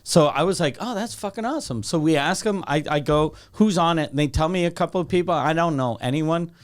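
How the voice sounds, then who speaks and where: A man's voice: on the high side, brisk. Rambling, profane storyteller man. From Canada. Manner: rambling, profane, acts out quotes. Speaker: podcast host. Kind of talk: casual comedic storytelling.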